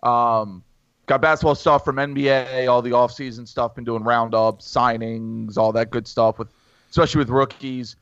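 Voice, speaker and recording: A man's voice: mid-range voice, steady tone, a bit bright, smooth, no room sound. Podcast regular, man, mid voice, hesitant with fillers, slightly muffled lo-fi audio. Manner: halting, full of ums and uhs. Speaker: podcast regular, basketball blogger. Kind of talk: casual podcast chat.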